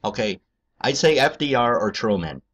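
A man's voice: mid-range voice, sing-song, normal speed, fairly bright tone. A man hosting a political video, ranting angrily and rambling with heavy profanity.

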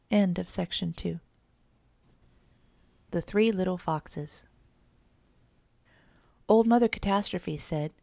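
Woman narrator, children's audiobook, low gravelly voice, dry close mic. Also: a little mellow, no echo. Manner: measured storytelling.

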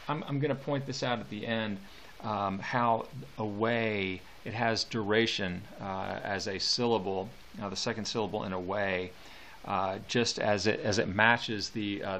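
A man teaching a poetry lesson, talking in a halting way with many fillers and restarts. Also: lowish voice, a bit bright, slight background noise. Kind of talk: poetry lecture.

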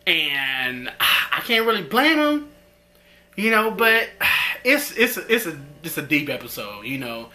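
Guy doing an excited episode recap, bouncy pitch, bright voice. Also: unhurried. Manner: animated, slangy retelling with frequent laughter. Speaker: episode reviewer. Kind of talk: casual recap and commentary.

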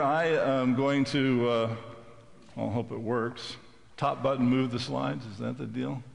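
An older man gives a folksy, joking public lecture as a visiting professor. His voice has a gravelly edge and sits at an average pitch for a man. The long reverb of a lecture hall trails every phrase. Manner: folksy, joking, loose with fillers. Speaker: guest lecturer, economics professor.

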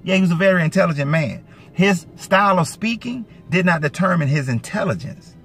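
Animated Georgia man with a light Southern accent. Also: a little fast. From Atlanta, Georgia. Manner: animated, emphatic, swings from low asides to raised indignant peaks. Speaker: YouTube commentator. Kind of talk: casual commentary. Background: faint background music.

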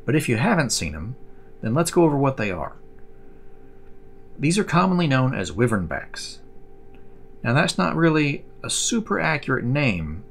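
A man's voice: medium pitch, sing-song, normal speed, vocal fry, long pauses, slight background noise. A man hosting a casual explainer video about collectible cards, chatty and rambling with fillers and restarts. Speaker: card collector host.

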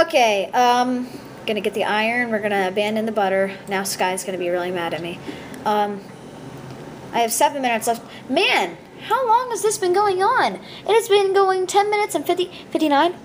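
A woman's voice: sits high, a little hiss or hum. A woman giving casual, rambling commentary over her gameplay, full of ums and uhs and goofy asides. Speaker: gameplay video maker.

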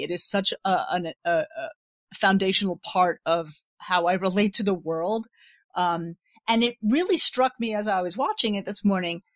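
A woman talks enthusiastically in a relaxed podcast chat, restarting her sentences and laughing easily. Her voice sits in a middle range. The recording is dry and close. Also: mid-range voice, dry recording. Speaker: podcast guest. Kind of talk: casual discussion.

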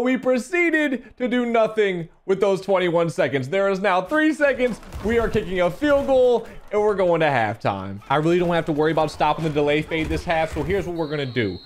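A young man giving live commentary on his own football video game, animated and chatty with viewers. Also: sits high. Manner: excitable, shouts and laughs at big plays, talks to viewers; animated, talks with his hands.

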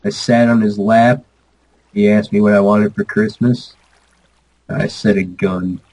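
A man's voice: fairly low pitch, steady tone, a little slow, darkish tone, low-quality recording. A man joining a casual game session, tossing out dry, self-mocking quips. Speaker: gaming guest. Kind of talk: casual gaming banter.

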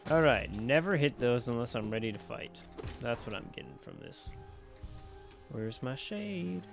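A man giving casual gameplay commentary into his desk mic, chatty and quick to exclaim, talking back to the enemies on screen. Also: mid-range voice, gravelly, music in the background. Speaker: let's play gamer. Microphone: personal desk mic.

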